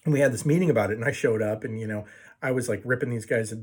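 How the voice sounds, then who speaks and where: A man's voice: medium pitch, very fast, slightly rough. A man telling a long story to his viewers in a casual, profane way, full of fillers and restarts. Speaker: video blogger telling a story.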